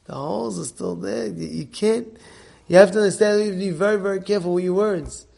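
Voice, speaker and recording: Animated, gravelly male Torah teacher. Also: sits high, quick pace, a little hiss or hum. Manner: animated, repeats and restarts, Hebrew terms. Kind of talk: Torah class with a story.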